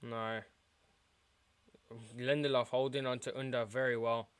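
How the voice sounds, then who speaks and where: A young man streaming a football watchalong, muttering through quiet spells and yelling at big chances. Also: medium pitch, a little slow, long pauses, smooth, no room sound. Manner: excitable, shouts at big chances, mutters otherwise. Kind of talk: live football watchalong commentary.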